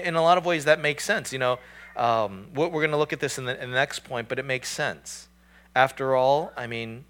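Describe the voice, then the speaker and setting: A man's voice: medium pitch, fairly bright tone. A man preaching a sermon in a conversational, emphatic way, often restarting his sentences. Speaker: pastor.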